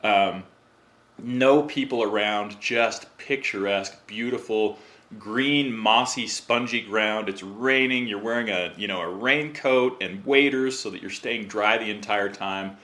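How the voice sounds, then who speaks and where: A man who is a podcast guest, telling a story in a casual, animated way and acting out what others said. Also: lowish voice, unhurried. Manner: animated, acts out quotes in other voices.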